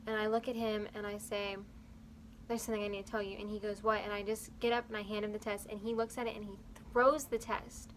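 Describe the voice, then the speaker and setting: A woman's voice: medium pitch, little pitch movement, fairly quick, hardly any pauses, a little hiss or hum, low-quality recording. A young woman vlogger earnestly telling a personal story, rambling along with fillers.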